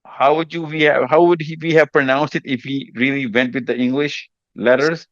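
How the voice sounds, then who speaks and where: A man chats casually with a group of teenagers, teasing them and then reassuring them with repeated phrases. His voice sits at a middle pitch. The sound is dry and a little dull, as if it comes over a video call. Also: steady tone, moderate pace, fairly bright tone, dry recording. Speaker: mentor hosting a session with teenagers.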